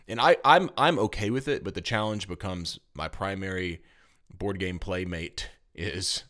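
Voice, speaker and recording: A man with a Southern US accent co-hosting a board game podcast in casual, lively, self-deprecating chat. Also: deep voice, unhurried. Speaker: podcast co-host.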